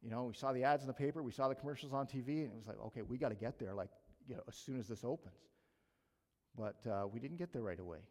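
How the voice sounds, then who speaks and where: Animated preacher man in a reverberant hall. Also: medium pitch, fast. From Canada. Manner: animated storytelling, acts out his own panic. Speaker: pastor. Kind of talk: sermon with personal story.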